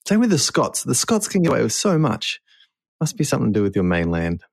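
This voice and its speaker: An Australian man in loose, rambling conversation, laughing often and leaning on "like". His voice sits at a middling pitch. The sound is dry and close. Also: huge pitch swings, fast talker, gravelly, dry recording. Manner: rambling, laughing, heavy use of "like". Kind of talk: casual chat.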